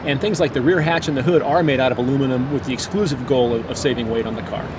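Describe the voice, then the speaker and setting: A man's voice: medium pitch, fast. A man speaking for a carmaker, explaining hybrid technical details fluently in an outdoor interview. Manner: fluent, explanatory, with frequent restarts. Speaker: automaker product spokesman. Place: outdoors beside a car on a street. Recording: loud outdoor noise behind the voice.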